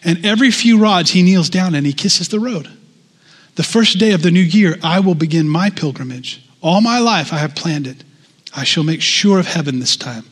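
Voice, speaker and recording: A man's voice: fairly high pitch, normal speed, a bit bright, long reverb tail. A man voicing an old male pearl diver in a story read aloud during a sermon, speaking plainly and earnestly.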